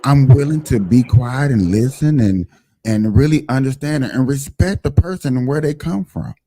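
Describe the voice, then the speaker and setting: A man's voice: medium pitch, moderate pace, mellow. A man hosting a casual livestream show, talking emphatically and directly to his viewers.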